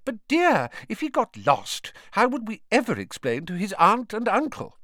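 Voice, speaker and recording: A man's voice: high-pitched, huge pitch swings, normal speed, pushed and bright, no echo, clean studio sound, pitched above the performer's own voice, exaggerated voice. A man voicing a fussy, anxious middle-aged witch who dotes on the children. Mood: fussing. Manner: anxious, doting, fussing.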